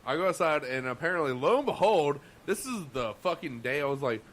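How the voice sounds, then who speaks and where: Brief: male podcast co-host, animated and profane storyteller, higher-pitched voice, light background noise. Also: brisk. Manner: animated, laughing, lots of profanity and restarts. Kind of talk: casual chat, swearing storytelling.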